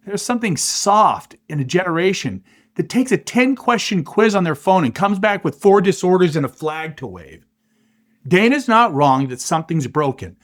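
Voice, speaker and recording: Middle-aged male host, impassioned commentary, lively swooping delivery, emphatic rhetorical beats. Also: fairly high pitch. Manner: emphatic, punchy rhetorical delivery with dramatic pauses. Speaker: podcast host.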